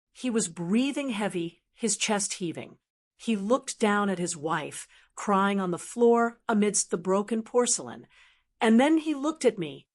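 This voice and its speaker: A woman reading a first-person story aloud in a tense, dramatic narrating manner. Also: medium pitch.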